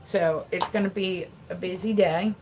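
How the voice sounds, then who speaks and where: A woman hosts a casual livestream, rambling with viewers, laughing often and swearing freely. Her lowish voice is steady and a little mellow at a moderate pace, with slight background noise.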